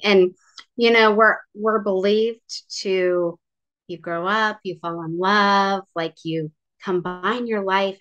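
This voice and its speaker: Her voice fairly low yet fairly bright, a young woman recounts her own story as a guest in a casual interview. The telling is earnest, full of fillers and false starts, and captured in dull, lo-fi sound.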